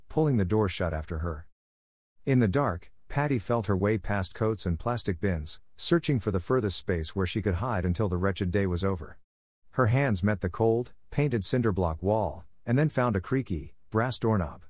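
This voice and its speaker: A man reading a dark short story aloud in an even storytelling manner. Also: lowish voice, dry recording, studio quality. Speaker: narrator. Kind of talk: scripted story narration.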